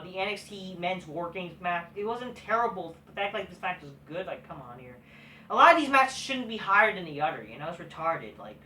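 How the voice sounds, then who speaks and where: A man ranting in scornful, heavily sworn commentary, often building to a yell. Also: high voice. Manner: scornful, swearing, rising to yelling. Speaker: wrestling commentary vlogger. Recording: roomy echo, far from the mic.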